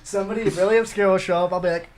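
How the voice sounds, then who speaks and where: Man, young adult, from Florida, casual podcast chat, joking manner, fast. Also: sits high, steady tone, a little hiss or hum. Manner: fast, joking, swears a lot. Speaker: podcast co-host.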